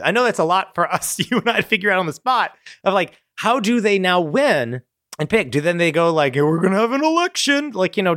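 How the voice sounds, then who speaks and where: A man in casual chat, animated and profane, acting out characters' lines as he brainstorms a story. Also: sits high, no echo, clean studio sound.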